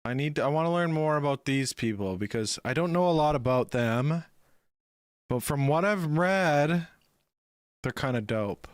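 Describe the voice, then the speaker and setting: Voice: medium pitch, animated, moderate pace, dry recording, clean studio sound. A streamer reacting to a video in casual, rambling talk, full of swearing and restarts. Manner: rambling, profane, many restarts.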